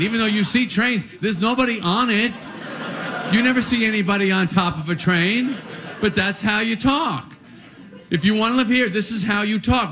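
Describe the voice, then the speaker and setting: A man's voice: high-pitched, lively intonation, moderate pace. A man from Long Island performing a stand-up routine, acting out exasperated family dialogue. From Long Island, New York. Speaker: stand-up comedian.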